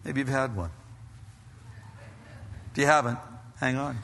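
A man's voice: medium pitch, measured pace, vocal fry, a bit bright, in a large hall, a little hiss or hum. A middle-aged man preaching a sermon in an emphatic, conversational way, often repeating words as he builds a point. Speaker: pastor.

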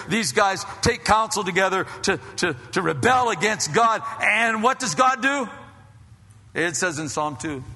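A man's voice: high voice, bright, forceful tone, big-room sound. A middle-aged man preaching a sermon in an emphatic, conversational way, often repeating words as he builds a point. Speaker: pastor.

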